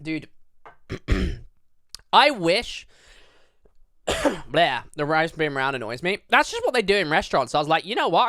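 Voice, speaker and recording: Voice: mid-range voice, fairly bright tone, dry recording, studio quality. Livestreamer, casual rambling chat, swears freely, bouncy intonation, home desk mic. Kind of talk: casual live-stream chat.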